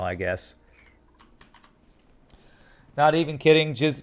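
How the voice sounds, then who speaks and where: An American man giving relaxed, chatty commentary while playing a game and reading his chat aloud. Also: mid-range voice. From United States. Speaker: game streamer. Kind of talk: casual gameplay commentary. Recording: faint music behind.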